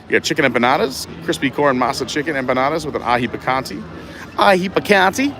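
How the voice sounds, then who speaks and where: A man's voice: medium pitch, quick pace, crowd noise. A man live-streaming a walk through a theme park festival, chatting casually and reading menu boards aloud. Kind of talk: casual walking commentary.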